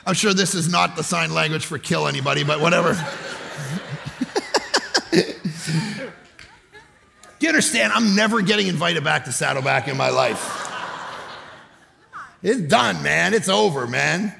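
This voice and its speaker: A man preaching a comedic sermon, telling stories with sudden loud, shouted bursts. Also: on the high side, a little slow, gravelly, long pauses, a little hiss or hum. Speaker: guest preacher. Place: church.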